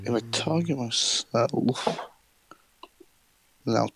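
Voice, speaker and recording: A man's voice: mid-range voice, drawn-out words, creaky, breathy edge, dry recording, faint music behind. Unsure man playing a tabletop game. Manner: unsure, fumbling with the software. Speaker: player. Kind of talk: casual tabletop game chat.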